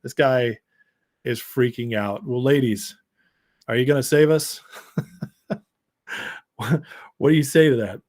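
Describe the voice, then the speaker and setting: A man's voice: mid-range voice, measured pace, long pauses, darkish tone. Sarcastic man hosting a political livestream. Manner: sarcastic, reads headlines and chat aloud, laughs often. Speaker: political commentary show host. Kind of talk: live-stream political commentary.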